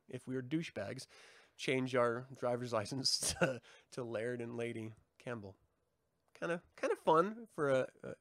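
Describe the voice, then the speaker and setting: A man's voice: mid-range voice, dry recording. Guy riffing with his stream chat, laughs a lot and swears, dead dry sound. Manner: joking, laughs often, swears. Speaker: livestream host. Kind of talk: casual chat with live viewers.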